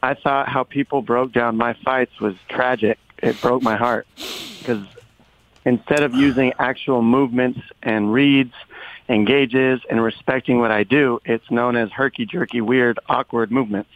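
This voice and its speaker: A man's voice: mid-range voice, steady tone, measured pace, no echo. A man speaks over a dull, dry remote line as a podcast guest. He explains himself in an earnest, precise way and holds his ground on each point. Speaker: guest, fighter and commentator. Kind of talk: interview conversation.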